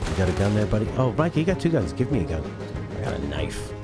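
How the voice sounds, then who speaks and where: A man's voice: on the low side, sing-song, fast talker. A man giving casual, chatty commentary while streaming a video game, thinking aloud and often trailing off. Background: loud game music.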